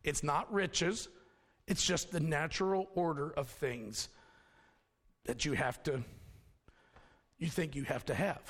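A man's voice: fairly high pitch, takes it slowly, pauses often, fairly bright tone, in a large hall. A man preaching a sermon in a folksy storytelling manner, mixing scripture with personal stories. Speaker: pastor.

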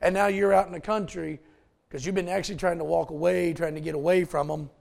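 A male pastor preaching a folksy, animated sermon with asides to the congregation. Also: fairly high pitch, quick pace, gravelly.

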